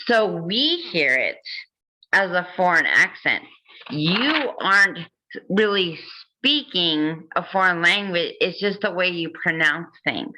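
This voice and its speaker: Bright-voiced woman reading aloud. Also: on the low side, poor audio. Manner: reads passages then comments with jokes and laughs. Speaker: host. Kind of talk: reading aloud and casual chat.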